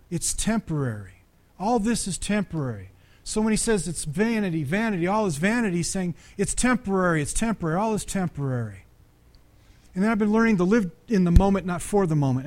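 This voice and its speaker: A middle-aged man preaching a sermon, conversational and animated, with frequent restarts and sudden loud peaks. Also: sits high, a little fast. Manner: restarts and repeats words often. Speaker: pastor.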